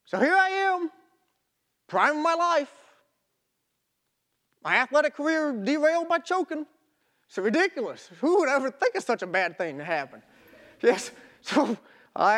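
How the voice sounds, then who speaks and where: High-voiced folksy male storyteller. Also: a little fast. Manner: folksy, animated storyteller with casual grammar. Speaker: marathon runner telling his story. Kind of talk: storytelling talk.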